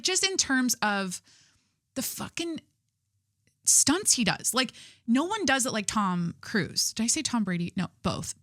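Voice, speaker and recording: A woman's voice: medium pitch, pushed and bright, no room sound, studio quality. A young woman hosting a podcast in casual chat, rambling with lots of "like" and swearing, laughing at herself. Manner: rambling, heavy use of "like", swearing, self-mocking. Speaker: podcast host.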